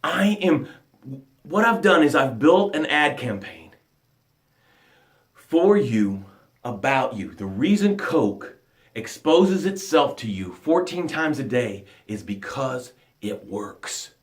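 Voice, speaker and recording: A man's voice: medium pitch, very animated, slow pace. Emphatic motivational man, echoey room. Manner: emphatic, swings from loud bursts to hushed lines. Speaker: motivational coach. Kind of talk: motivational talk.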